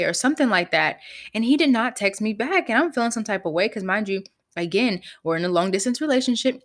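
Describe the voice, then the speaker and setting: A young woman hosting a podcast, telling a personal story in a candid, animated way, swearing freely. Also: fairly high pitch, fast. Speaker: podcast host. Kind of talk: casual storytelling.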